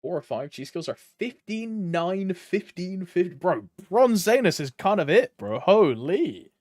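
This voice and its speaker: A male game streamer in loose, joking chat, his voice swinging widely in pitch while he keeps an unhurried pace. He swears casually and hums along between remarks, and the close mic sounds dry, with no room around him. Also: sing-song, a little mellow, no echo.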